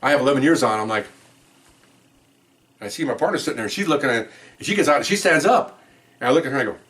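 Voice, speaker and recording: A man who served as a police officer tells a story in an animated, rambling way, with asides and quoted voices. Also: mid-range voice, fast talker. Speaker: police officer telling stories. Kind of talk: storytelling podcast.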